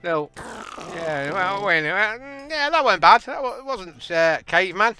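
A man, casually and excitably commentating a game, joking and laughing at his own jokes. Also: high-pitched, unhurried, faint music behind. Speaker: gaming channel host.

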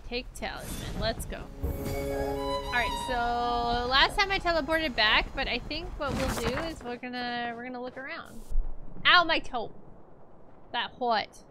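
A woman's voice: a little high, lively intonation, unhurried, loud music behind the voice. A woman streaming a game live, chatting casually to herself and her chat as she plays, into a desk microphone at home. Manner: chatty, talks to herself and chat while playing. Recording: clicky background noise.

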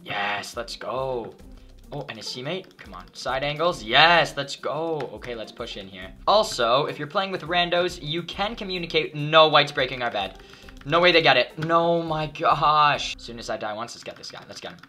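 A young man doing excitable, jokey commentary over his game as a gaming YouTuber. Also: fairly high pitch, normal speed. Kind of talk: gameplay commentary.

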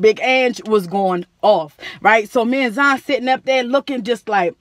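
A young woman vlogger telling a story in a chatty, slangy, animated way. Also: on the high side, moderate pace, hardly any pauses, no room sound, clean studio sound. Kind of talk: casual storytelling to camera.

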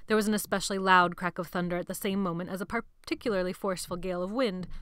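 A woman's voice: lowish voice, fairly even intonation, fast talker, hardly any pauses, fairly bright tone, smooth, no room sound. A woman narrating a novel as an audiobook, dramatic and dropping to a whisper at tense moments.

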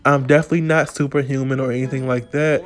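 A man voicing a calm young husband who reassures his worried wife, in a soothing, quick voice. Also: medium pitch, lightly acted. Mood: reassuring.

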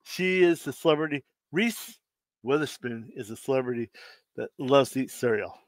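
A man hosting a live stream, reading out dad jokes in a relaxed, easygoing way and laughing at his own punchlines. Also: mid-range voice, normal speed, dry recording. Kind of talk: casual live stream joke telling.

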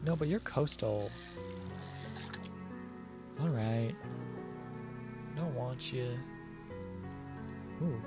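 A man's voice: mid-range voice, drawn-out words, pauses often. A man streaming a video game, chatting playfully and joking with the fish he finds as he plays. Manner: playful, jokey, talks to the fish. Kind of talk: casual gameplay commentary. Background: faint game music.

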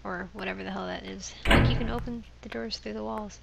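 A woman's voice: medium pitch, fairly even intonation, fairly quick, vocal fry, very noisy. A sniffly woman giving casual, sarcastic commentary while she plays a game, swearing freely and reading its dialogue aloud. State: sniffly from allergies. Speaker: let's play gamer. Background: game music.

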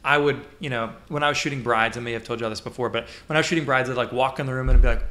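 Bright-voiced man telling stories on a podcast. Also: medium pitch, fast talker. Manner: animated storyteller who mimics the people he quotes. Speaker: podcast host. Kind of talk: casual chat. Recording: echoey room.

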